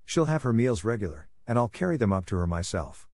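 A man's voice: fairly low pitch, very animated, brisk, a little mellow, dry recording. A man voicing a strict, stern middle-aged woman guardian in a storybook reading, severe and dry.

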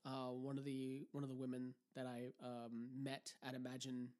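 A man co-hosting a podcast, swearing freely and rambling through restarts. He laughs easily as he talks. His pitch is average. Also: completely flat delivery, moderate pace, darkish tone. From Canada. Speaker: podcast co-host. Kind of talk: casual chat.

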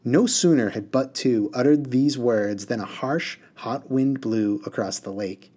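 A man reading a novel aloud to a class as their teacher, with expressive delivery. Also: medium pitch, measured pace.

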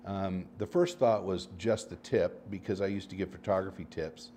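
A man hosting his own podcast, talking casually and rambling through stories, swinging between animated bursts and low asides. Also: normal speed, a little hiss or hum. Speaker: podcast host. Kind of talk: casual solo podcast monologue.

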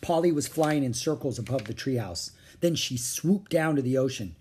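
A man reading a children's chapter book aloud with expressive, varied intonation. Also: mid-range voice, normal speed, breathy edge. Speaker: audiobook narrator.

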